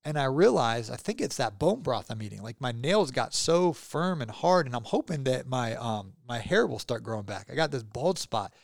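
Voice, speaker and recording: Gravelly-voiced chatty man hosting a podcast. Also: medium pitch, expressive, normal speed, few pauses, no room sound, studio quality. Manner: upbeat, rambling, chatty with fillers. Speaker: podcast host. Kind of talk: casual solo podcast outro.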